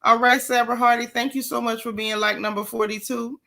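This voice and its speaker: A woman's voice: fairly high pitch, flat delivery, a little fast, vocal fry, sharp tone. A woman hosting a live stream, chatting casually and repeating phrases for emphasis. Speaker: livestream host.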